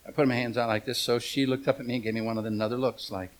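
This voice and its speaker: A man's voice: mid-range voice, level tone, very fast, crowd noise. A middle-aged man preaching a humorous storytelling sermon, folksy and joking, asking the congregation questions.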